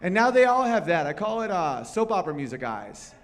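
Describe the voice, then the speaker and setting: A man's voice: high voice, very animated, a little fast. A man performing a brash, profane stand-up comedy set at a live venue.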